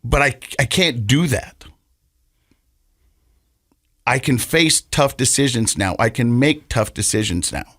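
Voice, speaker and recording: Earnestly recounting something from his own life, the podcast co-host stumbles and repeats words. He has a medium-pitched, fairly bright voice, and the dry recording carries no echo.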